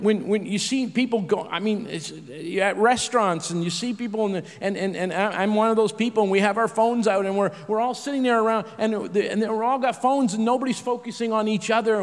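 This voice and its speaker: A man's voice: sits high, big-room sound. A middle-aged man preaching a sermon in a conversational way, with self-deprecating asides and frequent restarts.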